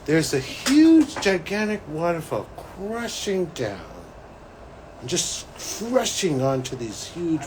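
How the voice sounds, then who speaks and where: A man speaking as a psychic in a solo talk. His pitch is a touch high, and he swings it widely as he describes a vision. He takes his time and bursts into excited whoops. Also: slight background noise, low-quality recording. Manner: animated, with excited exclamations.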